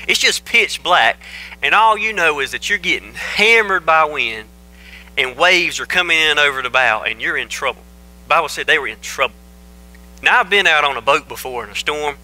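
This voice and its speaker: A man preaches, his voice very bright and ringing. He talks to the congregation in a relaxed, folksy way, cracking jokes and telling the story like a chat. He speaks into a microphone in a church. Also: medium pitch, low-quality recording. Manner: folksy, joking, conversational storytelling. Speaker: pastor. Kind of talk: casual folksy sermon. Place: church sanctuary.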